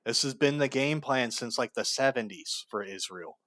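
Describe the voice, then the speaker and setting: A man's voice: mid-range voice, normal speed, fairly bright tone, no room sound, clean studio sound. A man giving heated, sarcastic political commentary, blunt and full of profanity. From United States.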